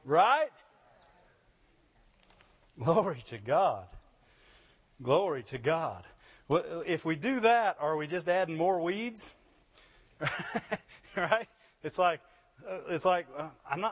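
High-voiced preacher man, call-and-response. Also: animated, slow, long pauses, fairly bright tone, lo-fi sound. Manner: call-and-response preaching, frequent "Amen?" and "Right?". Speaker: pastor. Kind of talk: sermon.

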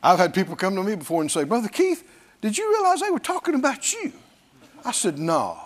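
A man preaching a sermon in an animated way, laughing often and acting out the voices of the people he quotes. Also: sits high, quick pace.

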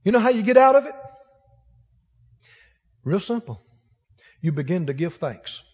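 A man's voice: high voice, very animated, a little slow, a little mellow, slightly rough. A man preaching a sermon, exhorting his congregation emphatically and repeating lines for force. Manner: emphatic, repetitive exhortation with rising intensity. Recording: dull sound with long reverb in a large hall.

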